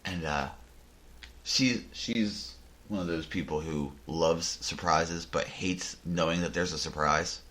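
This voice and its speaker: A man hosting a podcast, telling a casual story in a rambling way, full of restarts and deadpan jokes. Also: sits low, takes it slowly. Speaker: podcast host. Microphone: headphones and desk mic.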